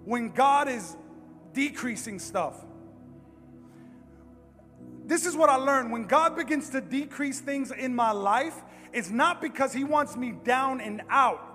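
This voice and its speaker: Male preacher, high voice, emphatic and animated, long church reverb, music underneath. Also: takes it slowly. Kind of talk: sermon.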